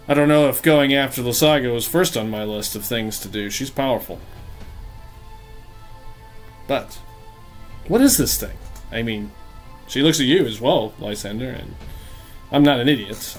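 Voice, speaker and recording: A man's voice: mid-range voice, measured pace, long pauses, soft background music, natural voice. A man voicing a cautious ally who weighs the danger and questions the party in a guarded way. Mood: wary.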